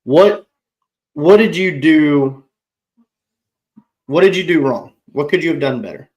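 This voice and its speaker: A man's voice: fairly high pitch, unhurried, darkish tone. A man co-hosting a casual podcast, jumping in with follow-up questions and correcting himself as he goes. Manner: talkative, asks follow-up questions, self-correcting.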